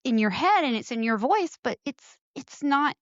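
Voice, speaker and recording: A middle-aged woman hosting a podcast, telling stories in an animated way with lively quoted asides. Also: high-pitched, moderate pace, dry recording. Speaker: podcast host. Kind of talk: casual chat. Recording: dull lo-fi sound.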